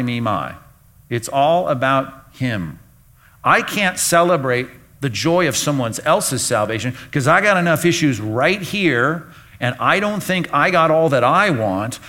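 A man's voice: mid-range voice, sharp tone. A man preaching a sermon in an emphatic, rhetorical way, often acting out the thoughts of his listeners. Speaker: pastor.

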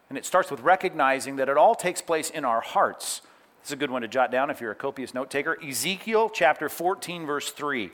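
Here the middle-aged pastor speaks at normal speed in a voice on the high side. He preaches animatedly, performs quotes, and breaks off to tell note-takers to write down references.

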